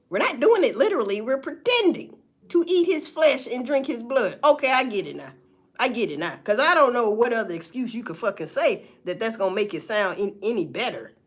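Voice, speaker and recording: Sassy, animated woman ranting. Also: a little high. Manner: sassy, profane, rhetorical questioning. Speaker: vlogger. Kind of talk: casual commentary monologue.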